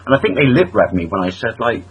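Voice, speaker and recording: Man with a lively, sarcastic delivery. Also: mid-range voice, fast talker, slight background noise, rough recording. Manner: lively, sarcastic anecdotes with acted-out quotes. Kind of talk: casual chat.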